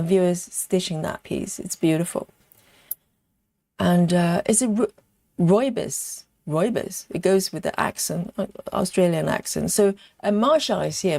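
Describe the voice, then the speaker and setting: A woman's voice: medium pitch, gravelly, darkish tone, no echo, clean studio sound. A woman hosting a live stitching stream in a casual chatty way. She reads viewers' comments aloud and counts stitches as she works. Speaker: livestream host stitching live.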